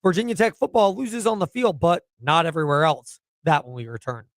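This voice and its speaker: A man hosting a sports talk radio show, reading segment teases in a brisk, announcer-like way. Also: on the high side, no echo, clean studio sound.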